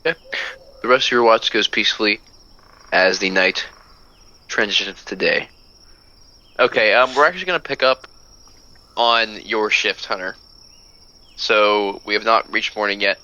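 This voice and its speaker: A man narrating as game master of a tabletop game, with steady descriptive narration. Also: lowish voice, moderate pace, long pauses, a little hiss or hum, rough recording.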